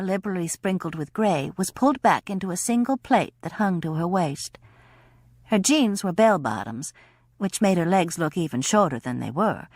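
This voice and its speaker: Woman reading a mystery audiobook, kinda low voice, lots of melody, dry close sound. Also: no echo. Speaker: audiobook narrator. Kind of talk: scripted narration.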